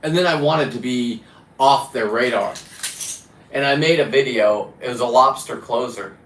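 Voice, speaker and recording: A man's voice: mid-range voice, moderate pace, fairly bright tone. A man chatting casually to camera about diving, rambling and blunt, with the odd swear word. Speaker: free diver and vlogger. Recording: roomy echo with faint background noise.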